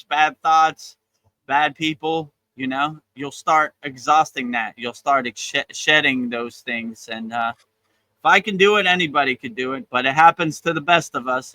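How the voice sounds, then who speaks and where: A man giving a casual spiritual talk as a teacher, relaxed and encouraging, often repeating his phrases. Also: on the high side, no echo, poor audio. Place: outdoors on a beach.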